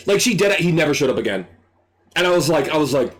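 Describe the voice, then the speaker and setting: Animated young man telling a story. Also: a little high, a little fast, a little hiss or hum. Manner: animated, excitable, swears freely, acts out quotes. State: dry throat. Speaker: streamer. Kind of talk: casual storytelling.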